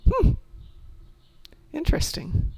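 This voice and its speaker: Hosting a laid-back gaming stream, a man chats with his group and answers chat messages in a rambling, friendly manner. He speaks slowly with a warm tone.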